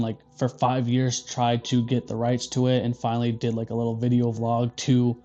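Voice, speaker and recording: A man's voice: medium pitch, warm tone, dull audio. Profane joking man reviewing movies.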